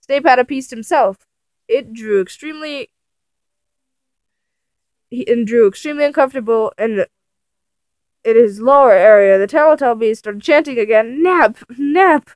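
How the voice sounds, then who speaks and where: A woman gives a comic, theatrical reading of a fanfiction, breaking into giggles and sounding incredulous at what she reads. Her voice sits fairly high. The recording is close and dry, with no room echo. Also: normal speed, pauses often, a little mellow. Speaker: video creator reading fanfiction aloud.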